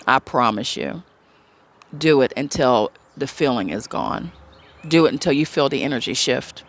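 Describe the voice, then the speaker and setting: A woman's voice: rumbling low, lively intonation. Blunt, swearing spiritual woman vlogger. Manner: blunt and emphatic, swears freely, acts out quoted voices; slows into soft drawn-out blessings. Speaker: spiritual self-love vlogger. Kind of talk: casual spiritual pep talk.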